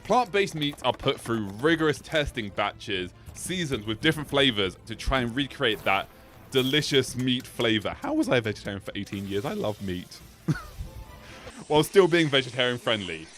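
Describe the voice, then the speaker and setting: Lively, rambling male video-essay host. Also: moderate pace, faint music behind. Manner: tangent-prone, laughs often, animated swings in pitch. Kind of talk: rambling, ad-libbed commentary.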